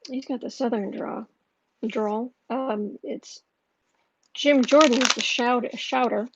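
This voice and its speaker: A woman hosting a tarot livestream in casual chat, thinking aloud slowly with many fillers and restarts. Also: on the high side, fairly even intonation, dull audio, noisy background.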